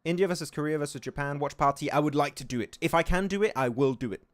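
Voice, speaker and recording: A man's voice: on the high side, fast talker, no room sound. A young man from England casually commentating a mobile esports match on a livestream, reacting to plays and reading chat aloud. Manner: excitable, reads chat aloud. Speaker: esports caster.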